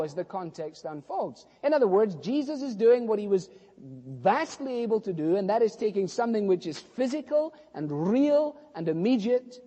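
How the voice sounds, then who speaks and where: A man preaching a sermon, animated as he acts out dialogue between biblical figures. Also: high-pitched. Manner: animated storytelling, acting out dialogue. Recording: long reverb of a hall.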